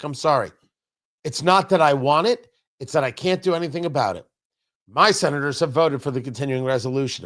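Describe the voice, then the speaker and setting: Middle-aged guy hosting a political talk show, kinda high voice, punchy and sarcastic, repeats himself a lot. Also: a bit bright. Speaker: radio talk show host.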